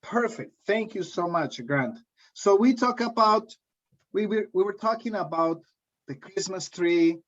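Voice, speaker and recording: Man with a Colombian accent, english teacher, slow and joking, dull lo-fi sound. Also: high-pitched, animated. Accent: Colombian Spanish. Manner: friendly, joking, repeats key phrases. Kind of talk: live online class.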